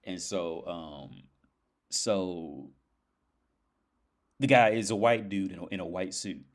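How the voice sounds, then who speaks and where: A man's voice: low-pitched, slow. A man hosting a livestream, telling a story in a rambling, profane way with lots of fillers. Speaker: livestream host. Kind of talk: casual livestream chat.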